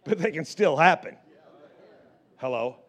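A male pastor telling a story in his sermon. He is animated and often repeats words and restarts his sentences. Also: fairly high pitch, a little slow.

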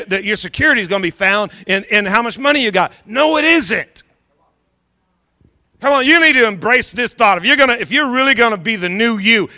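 A man's voice: sits high, pushed and bright. A man preaching a sermon as pastor to a congregation, fervent and urging, repeating phrases for emphasis.

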